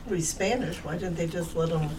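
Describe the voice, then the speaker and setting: A woman's voice: lowish voice, a little fast, a little mellow. A woman co-hosting a casual chat, dropping dry, teasing comments. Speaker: podcast co-host.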